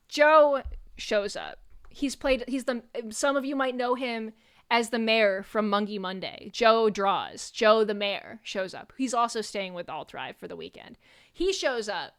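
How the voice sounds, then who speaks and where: A young adult woman streamer telling a story in a casual, animated way, with frequent swearing and rambling asides. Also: on the high side, a little slow, clean tone. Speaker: VTuber streamer.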